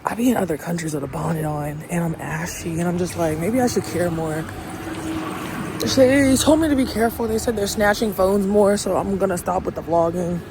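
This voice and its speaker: A woman's voice: fairly low pitch, fairly quick, hardly any pauses. A woman from the United States vlogging in a casual, chatty way, talking straight to the camera with slang and laughs. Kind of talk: casual vlog. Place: outdoors on city streets and in shops. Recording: phone audio with street noise.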